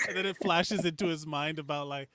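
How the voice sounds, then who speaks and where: A man's voice: fairly high pitch, normal speed, pushed and bright, dry recording. Rambling, filler-heavy male podcast co-host. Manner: rambling with many fillers, laughs at his own jokes. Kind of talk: casual chat.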